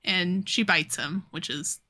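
A woman's voice: fairly low pitch, measured pace, sharp tone. A young woman co-hosting a podcast, recapping a manga in a rambling, giggly way, full of fillers. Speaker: podcast co-host. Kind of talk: casual chat recapping a manga.

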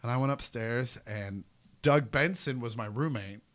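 Man telling a lively story. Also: medium pitch, moderate pace. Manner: animated, acts out quotes loudly. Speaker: comedian guest. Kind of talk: casual storytelling.

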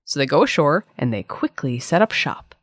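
Low-voiced sarcastic woman co-host. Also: normal speed, no room sound, studio quality. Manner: sarcastic, deadpan asides. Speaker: podcast co-host. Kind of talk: scripted comedic history narration.

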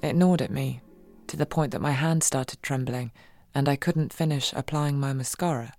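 A woman reading a first-person audiobook in a wry, expressive way, swinging between giddy and hushed. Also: extremely low pitch, moderate pace, soft background music. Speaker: audiobook narrator.

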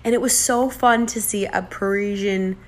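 A woman's voice: mid-range voice, moderate pace. Chatty American woman telling a travel story. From United States. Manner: chatty, animated, self-deprecating, acts out dialogue.

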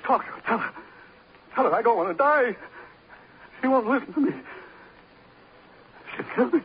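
A man's voice: on the low side, expressive, fast talker, a little hiss or hum, natural voice. An actor playing an arrogant toy company boss who blusters and then begs for his life in an old radio drama. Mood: panicked pleading. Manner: indignant and blustering, breaking into terrified pleading. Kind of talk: 1940s radio acting. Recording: muffled old radio broadcast.

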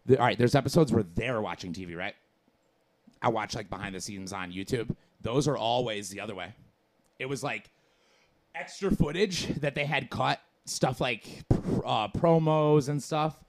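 A man co-hosting a podcast in casual chat, animated, rambling and slangy. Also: mid-range voice, moderate pace. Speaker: podcast co-host.

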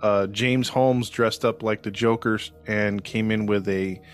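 A man narrating a story on a podcast in a loose, joking, conversational way, pausing on ums and restarting his sentences. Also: fairly low pitch, steady tone, clear, resonant tone, faint music behind.

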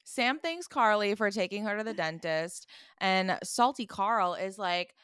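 A young woman co-hosting a podcast, dropping teasing, deadpan jokes in casual chat. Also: mid-range voice, measured pace, smooth, no room sound. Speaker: podcast co-host. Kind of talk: casual chat recapping a show.

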